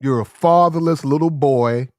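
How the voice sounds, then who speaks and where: This male commentary host from the United States talks at a normal speed in a darkish voice that leans high. He repeats himself for emphasis while offering blunt, slangy opinions, and the studio-quality recording carries no echo.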